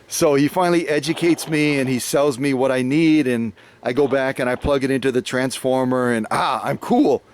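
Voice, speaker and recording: An American man hosts a relaxed chat, spinning a long anecdote in an easygoing, meandering way. He stops and restarts often, padding his sentences with fillers. His voice sits at an ordinary middle pitch. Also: normal speed, hardly any pauses, slight background noise. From United States. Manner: rambling, many fillers and restarts. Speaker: host, sewing machine restorer. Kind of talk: casual storytelling conversation.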